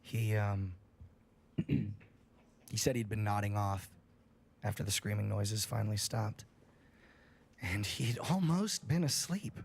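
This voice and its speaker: A young man reading a scary story aloud on a livestream, in a profane, animated storytelling manner. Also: on the low side, gravelly, breathy edge.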